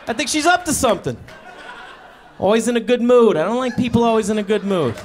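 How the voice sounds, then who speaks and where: Male stand-up comic in his thirties, deadpan storyteller, fairly high voice, faint noise. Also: quick pace. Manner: deadpan, conversational storytelling with acted-out asides. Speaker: stand-up comedian. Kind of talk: stand-up comedy set. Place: comedy stage before a live audience.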